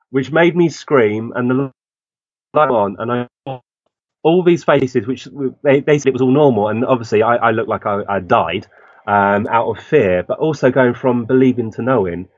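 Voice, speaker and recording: A man's voice: mid-range voice, no echo. A man telling a personal story as a guest, acting out the lines of people he quotes. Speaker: guest medium. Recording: dull lo-fi dry recording.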